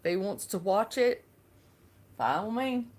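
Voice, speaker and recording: A woman's voice: medium pitch, sing-song, a little slow, darkish tone. A woman from Alabama with a Southern accent, chatting casually and rambling on a live stream, laughing often. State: unwell.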